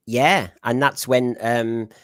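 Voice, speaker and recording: A man's voice: mid-range voice, fairly even intonation, slow, fairly bright tone, no echo, studio quality. A man with a Middlesbrough accent hosting a casual live panel chat, rambling as he reads out viewer comments. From Northeast England. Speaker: podcast host.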